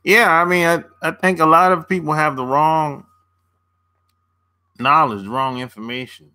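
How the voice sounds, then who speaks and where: Male dating coach, unhurried delivery with a bright edge, relaxed chat style answering viewers. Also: fairly high pitch. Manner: laid-back, chuckles often, answers chat by name. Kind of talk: casual livestream chat with viewers.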